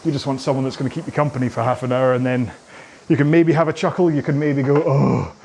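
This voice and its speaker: A man's voice: medium pitch, steady tone, fast, darkish tone, a little hiss or hum. A middle-aged man leading stretches after a rowing workout, chatty and self-mocking, with rambling asides. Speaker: rowing coach. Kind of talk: follow-along workout instruction.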